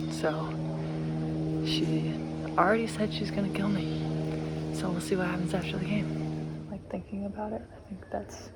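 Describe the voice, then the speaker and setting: A woman's voice: deep voice, gravelly. A woman competing in a reality game, speaking plainly and matter-of-factly with a slightly apologetic tone. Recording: loud outdoor ambience and vehicle noise.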